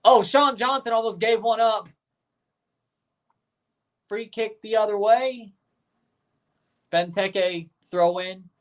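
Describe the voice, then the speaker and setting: A man's voice: sits high, takes it slowly, long pauses, a bit bright. A man hosting a livestream watchalong, chatting casually, reading viewers' comments aloud and reacting to a soccer match with sarcastic asides.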